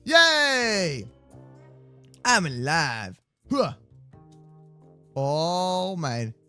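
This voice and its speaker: A young man narrates a goofy Minecraft role-play from his bedroom, his high voice swinging wildly up and down. He jokes constantly and breaks into yells. The tone is bright and sharp. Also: big pitch swings, normal speed, soft background music. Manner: hyper, jokey, often yelling. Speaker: gaming YouTuber. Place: home bedroom.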